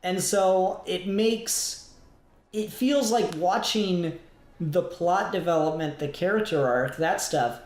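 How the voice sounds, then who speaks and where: Podcast co-host, relaxed, casual film chat, swears freely, echoey room. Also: mid-range voice, slow, faint music behind. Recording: roomy podcast audio.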